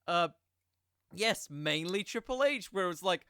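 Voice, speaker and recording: A man's voice: high voice, expressive, unhurried, a bit bright, clean tone, no echo, studio quality. A young man hosting a podcast, talking in a casual, rambling monologue that keeps drifting onto tangents. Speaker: podcast host.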